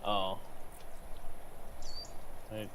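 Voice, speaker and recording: A man's voice: drawn-out words, fairly bright tone, a little hiss or hum. A man chatting casually beside a gaming livestream, rambling and searching for words. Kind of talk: casual chat.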